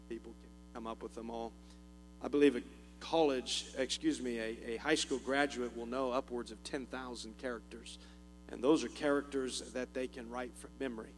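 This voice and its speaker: A man with a Southern US accent giving a folksy, joking church talk as a missionary, chuckling often and using many fillers. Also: mid-range voice. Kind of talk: informal church talk with humor. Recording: long reverb with faint music and mains hum.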